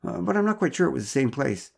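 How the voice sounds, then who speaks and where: A man's voice: fairly high pitch, very animated, quick pace, vocal fry, darkish tone, voice pushed up, heavily acted. A man voicing a flustered middle-aged father who stammers and protests too much in a storybook reading.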